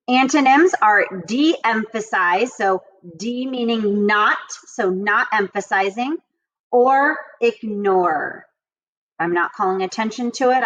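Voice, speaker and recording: A woman teaching a vocabulary lesson to children, with her voice at a middle pitch for a woman. She reads the example sentences slowly and stresses each word. The recording sounds dull and lo-fi. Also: fairly bright tone. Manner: slow, emphatic reading of example sentences.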